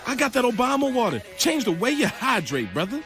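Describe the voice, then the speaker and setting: A man voicing a pushy, excitable street hustler in a cartoon. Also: very high voice, a little fast, full character voice. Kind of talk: cartoon clip. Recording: music under the voice.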